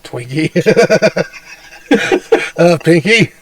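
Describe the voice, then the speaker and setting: Young man, podcast co-host, crude rambling banter, slightly high voice, dry room, off-mic sound. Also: animated, extremely slow, dry recording, far from the mic. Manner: crude, rambling, laughs often. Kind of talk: casual chat.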